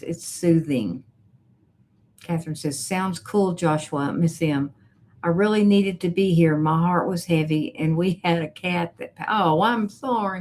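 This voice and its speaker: Slow, low-voiced woman chatting. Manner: chatty and unhurried, with soft laughs. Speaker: life coach hosting a live stream. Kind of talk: casual live-stream chat, reading viewer comments aloud.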